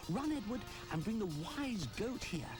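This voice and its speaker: Rupert, a high eager little bear as a narrator puts him on. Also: a little slow, over loud music. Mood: excited. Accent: British. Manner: excited high cries. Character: small brave boy bear, eager and polite.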